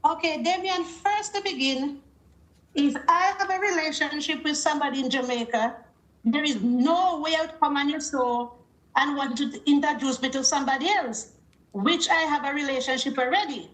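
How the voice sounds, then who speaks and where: A woman's voice: high voice, moderate pace. A woman caller on a call-in show, telling a story and acting out the other people's lines as she quotes them. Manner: animated, acts out quoted dialogue. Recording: roomy echo.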